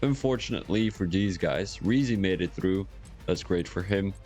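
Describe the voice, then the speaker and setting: A man's voice: low-pitched, normal speed, a little mellow, faint music behind. A man commentating a sim racing league on a live stream, chatty and joking with rambling asides.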